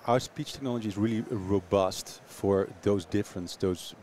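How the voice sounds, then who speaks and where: Male founder, very deep voice, halting and hesitant delivery, faint background noise. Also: mellow. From Netherlands. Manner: hesitant, fillers and repeated words. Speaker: startup founder guest. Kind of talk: interview answers.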